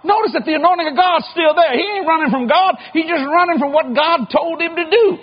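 A man's voice: extremely high pitch, a little fast, lo-fi sound. An older man preaching a sermon in a folksy, dramatic storytelling way.

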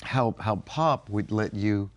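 An older man from the United States co-hosting a Christian talk show, sharing family stories and faith in an animated way with frequent laughter. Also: on the low side, slow. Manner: animated storyteller, laughs often. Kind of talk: casual faith-based chat.

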